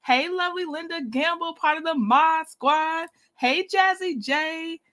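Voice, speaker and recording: A woman with a high, bright voice hosts a casual livestream in a loose, chatty manner. She laughs often and greets her viewers warmly by name. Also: unhurried. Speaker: livestream host.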